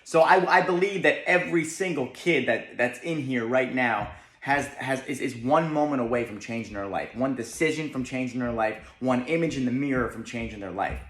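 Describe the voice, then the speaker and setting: A man's voice: mid-range voice, moderate pace, fairly bright tone. Emphatic young man, motivational speaker. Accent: New Jersey. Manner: emphatic, keeps asking "right?". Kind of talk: motivational talk. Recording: echoey room.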